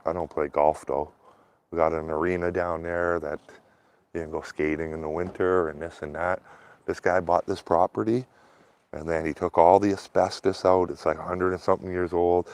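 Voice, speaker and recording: Low-voiced man rambling casually. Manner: loose and rambling, peppered with "like" and "man". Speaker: vlogger. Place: outdoors, walking a dog through a small town.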